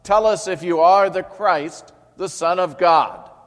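A man voicing a stern, imperious high priest who declaims loudly and indignantly. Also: moderate pace, lightly acted. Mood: outraged. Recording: long hall reverb.

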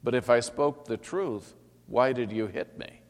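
A composed teacher figure in a Bible reading, speaking in a calm, measured and firm voice, as a male narrator gives him voice. Long hall reverb. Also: mid-range voice, close to an everyday voice.

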